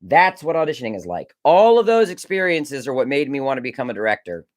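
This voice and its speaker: A man's voice: mid-range voice, very animated, quick pace. A man in his forties from Maryland, telling rambling stories in casual chat and correcting himself as he goes. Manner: rambling, self-correcting storyteller. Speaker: host, director and former child actor.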